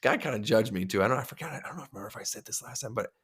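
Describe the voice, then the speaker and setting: A man's voice: medium pitch, expressive, very fast, fairly bright tone, husky. A man co-hosting a podcast, telling crude, joking stories in loose casual chat. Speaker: podcast co-host.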